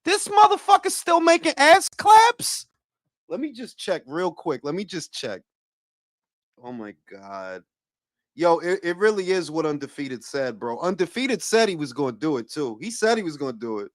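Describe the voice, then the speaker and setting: Guy hosting a boxing stream, kinda high voice, swearing, shouting out chat, dry close mic. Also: moderate pace, no room sound. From Dominican heritage. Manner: profane, animated, reading chat shout-outs. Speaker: boxing talk show host. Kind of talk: casual livestream talk.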